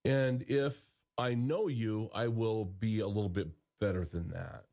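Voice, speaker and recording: Laid-back storytelling co-host man. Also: lowish voice. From Montana. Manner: tells stories in a relaxed, drawn-out way, repeats phrases. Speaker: radio co-host. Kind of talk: casual radio chat.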